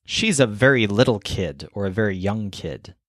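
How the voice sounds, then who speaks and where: A man narrating a scripted language lesson, explaining clearly and slowing down for example phrases. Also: lowish voice, expressive, fairly bright tone, dry recording, clean studio sound. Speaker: language teacher.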